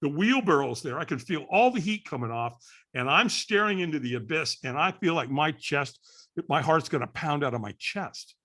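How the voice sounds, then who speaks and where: Older man, sixties, podcast guest, animated storyteller, bright voice, sits a little high for a man. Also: normal speed. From California. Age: 60s. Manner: lively storyteller acting out voices, frequent "right?".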